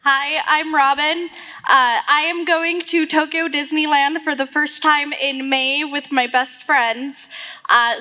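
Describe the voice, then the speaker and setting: A woman's voice: high-pitched, sharp tone. A woman in the audience asking a question politely and a little hesitantly. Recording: reverberant convention hall.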